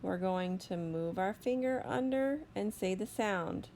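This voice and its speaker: A woman teacher giving a slow, deliberate phonics lesson to young children, stretching out each sound. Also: mid-range voice, darkish tone, a little hiss or hum. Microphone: recorded voice-over for a whiteboard lesson video.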